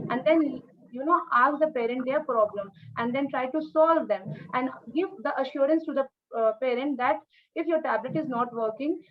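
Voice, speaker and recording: High-voiced Indian woman coaching a candidate. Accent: Indian English. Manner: instructive, repeats points with "okay?" checks. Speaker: mock interviewer giving feedback. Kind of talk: coaching feedback after a mock interview. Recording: muffled lo-fi audio.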